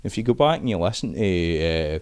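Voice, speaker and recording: A Scottish man with a low voice talks in a loose, chatty way, restarting sentences often. The sound is dry and close. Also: very animated, fairly quick, clean tone, no room sound. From Scotland. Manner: chatty, many restarts and fillers, dialect words like aye and wee. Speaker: Scots language expert guest. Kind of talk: casual interview talk.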